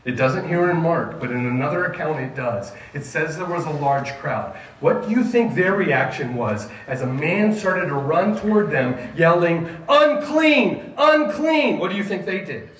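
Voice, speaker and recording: A man preaching a sermon to a junior high group, emphatic and asking the listeners questions. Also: lively intonation, moderate pace, hardly any pauses. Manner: emphatic, asks the audience questions. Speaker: youth pastor. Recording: echoey room, mic at a distance, faint ambience.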